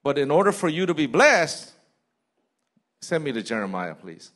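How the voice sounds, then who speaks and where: A pastor with a slightly high voice preaches a sermon in the church sanctuary at a normal speed. His pitch swings up and down a lot in animated delivery. He mimics people in quoted asides, acting out little bits of what they say.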